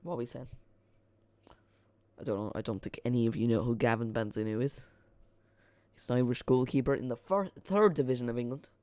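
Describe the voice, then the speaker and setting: A man's voice: medium pitch, fairly quick, pauses often, darkish tone, no echo, clean studio sound. Man rambling through a live football watch-along. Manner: casual, rambling, repeats and corrects himself.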